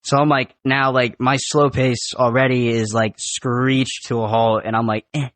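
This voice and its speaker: A young man in a podcast studio, telling animated, profane stories in a casual, rambling way. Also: medium pitch, a little slow, dry recording. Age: young adult. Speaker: podcast guest. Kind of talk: casual storytelling.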